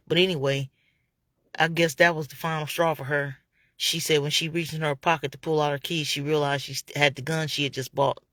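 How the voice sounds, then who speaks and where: Commentary host, gossipy storytelling, exclamatory asides, mid pitch, dry close sound. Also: fairly bright tone, dry recording.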